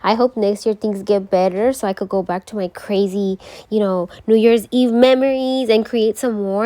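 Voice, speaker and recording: A bubbly young woman walks her viewers through a nail tutorial in a chatty, gushing way. She talks to the camera like a friend, bright and excitable, in a casual vlogging style. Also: medium pitch, a little fast. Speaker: beauty vlogger.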